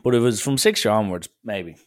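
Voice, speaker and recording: A man's voice: on the low side, lively intonation, a little fast. Brief: young Irish guy, casual rambling storyteller, self-deprecating.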